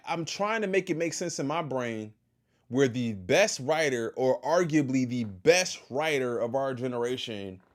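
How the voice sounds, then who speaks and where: Exasperated man reacting on stream. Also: mid-range voice. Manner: exasperated, questioning, repeats himself. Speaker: host reacting to a video. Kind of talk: casual reaction commentary.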